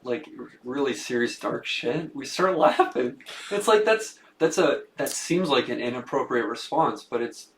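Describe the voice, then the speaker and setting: A man's voice: medium pitch, lively intonation, moderate pace, few pauses. A man chatting casually on a podcast, loose and hesitant, with lots of fillers. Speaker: podcast co-host. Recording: roomy echo with faint hum.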